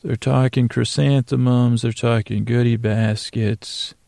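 A man's voice: medium pitch, steady tone, measured pace, creaky, dark tone, dry recording, studio quality. A man hosting a podcast, loosely recapping a TV episode from his handwritten notes, often correcting himself. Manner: loose, meandering, self-correcting. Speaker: podcast host.

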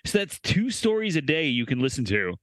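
A young adult man co-hosting a podcast in casual chat, plugging bonus stories and tossing in quick jokes. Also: on the high side, very animated, fairly bright tone, no echo. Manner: chatty, plugs bonus content, quick reactions and jokes. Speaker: podcast co-host.

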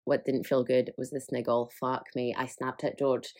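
A woman's voice: extremely low pitch, little pitch movement, normal speed, darkish tone. A young woman hosting her own podcast, talking frankly and chattily, often laughing and swearing freely. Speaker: podcast host. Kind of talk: candid solo podcast chat.

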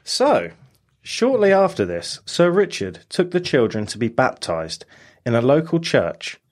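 A man's voice: mid-range voice, wildly swooping pitch, measured pace, darkish tone. A man, co-hosting a casual podcast, explaining a story at length in a jokey, laughing way. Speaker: podcast co-host telling the story.

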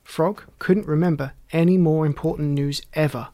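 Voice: mid-range voice, steady tone, normal speed, warm tone, no echo. Role: storyteller. Style: humorous children's story narration. Sound: dry, close.

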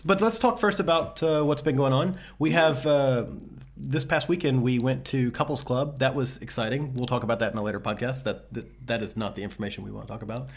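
A man co-hosting a podcast, chatting casually with deadpan, teasing jokes. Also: mid-range voice, fairly quick, gravelly. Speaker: podcast co-host. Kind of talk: casual chat.

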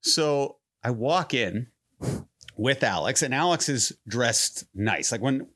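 A man's voice: medium pitch, slow pace, husky. A man, telling a rambling story as a podcast co-host. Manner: rambling, animated anecdote with many restarts. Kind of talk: casual storytelling.

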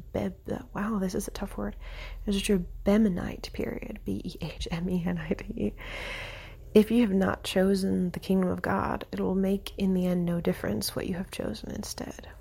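Host, woman, reads devotional prose aloud, soft and near-whispered, gravelly and husky, dark tone. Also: medium pitch, level tone, normal speed. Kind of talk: reading a devotional text aloud with brief comments.

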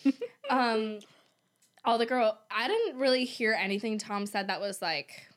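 A woman's voice: a little high, expressive, measured pace. A young woman co-hosting a chatty podcast, talking casually in a bubbly, dramatic way and laughing easily. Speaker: podcast co-host. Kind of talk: casual chat.

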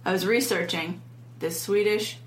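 A young woman co-hosting a casual podcast, giggling as she rambles through a story full of "like"s. Her voice sits at a middle pitch. The room around her is echoey, with a faint hiss underneath. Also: moderate pace. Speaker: podcast co-host. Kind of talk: casual chat.

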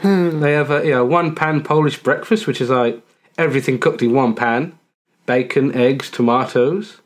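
A woman's voice: rumbling low, normal speed. A woman co-hosting a casual podcast chat, reading facts aloud and laughing often. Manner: giggly, reads facts aloud with frequent laughter. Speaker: podcast co-host.

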